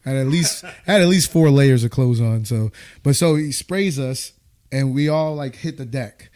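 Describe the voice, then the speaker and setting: A man in his thirties from the United States, casually telling a war story, animated and acting out the voices he quotes. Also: medium pitch, normal speed.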